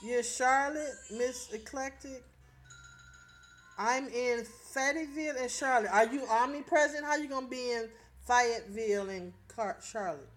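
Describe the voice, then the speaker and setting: A woman's voice: a little high, measured pace, soft background music. Chatty woman hosting a livestream. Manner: chatty, laughing, talks straight to viewers. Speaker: livestream host reading viewer comments. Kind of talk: casual live chat.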